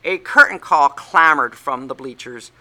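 A man's voice: medium pitch, unhurried, sharp tone. A man reading a comic story aloud with a wry, mock-streetwise patter.

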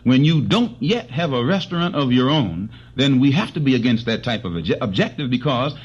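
A man defends his position as a guest in a televised debate. He pauses often and leans on filler sounds, though his points are earnest. His voice sits at an ordinary pitch, and the archival recording sounds muffled and lo-fi. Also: very animated, slightly rough. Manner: halting, many "uh" fillers, earnest. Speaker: panel guest. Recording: dull lo-fi archival broadcast.

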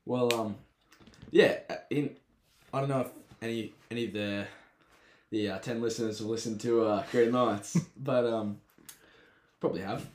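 A man's voice: mid-range voice, fairly even intonation, normal speed, pauses often, a little mellow, roomy sound. An Australian man hosting a podcast in casual chat, rambling through stories and laughing often. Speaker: podcast host.

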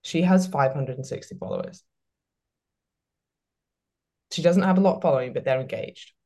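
Woman, podcast host, low voice, casual chatter, filler-heavy. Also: normal speed, warm tone. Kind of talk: casual chat, reading listener questions.

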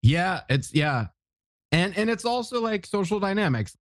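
A man in his thirties hosting a podcast, chatting casually and quick to agree and react. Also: high-pitched, very animated, no room sound, clean studio sound. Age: 30s. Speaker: podcast host.

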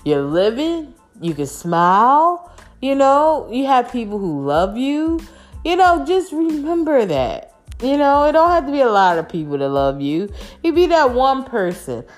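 A woman's voice: high-pitched, sing-song, unhurried. Woman, vlogger, casual monologue, blunt, emphatic, swears, faint background music. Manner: frank, emphatic, swears freely, keeps asking "you know?". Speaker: vlogger giving dating advice.

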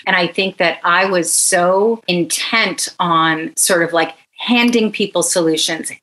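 Woman guest on a podcast, lowish voice, earnest and emphatic, repeats lines for punch. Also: unhurried, a bit bright, low-quality recording. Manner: earnest, emphatic, rhythmic repetition. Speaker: memoir author guest. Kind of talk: podcast interview.

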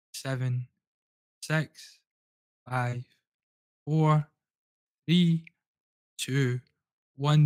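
A man, a breathwork coach, guiding listeners through a breathing exercise with calm, slow, soothing instructions. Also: on the high side, no room sound.

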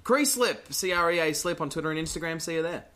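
Bright, easygoing man. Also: a little high, lively intonation, fast talker. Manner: easygoing, laughing, chatty. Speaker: podcast co-host. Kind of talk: casual chat.

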